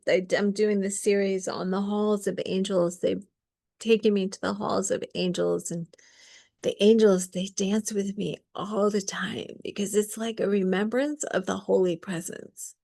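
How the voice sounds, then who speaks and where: A woman giving a spiritual sermon in a soft, often whispered voice, tearful at times. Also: mid-range voice, little pitch movement, a little slow, vocal fry. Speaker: reverend leading a women's service.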